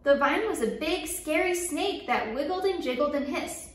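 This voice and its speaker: High-voiced woman reading a children's book. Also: normal speed, recorded from a distance. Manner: lively, playful sound effects and call-and-response. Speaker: story time reader. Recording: echoey room, voice a bit off-mic.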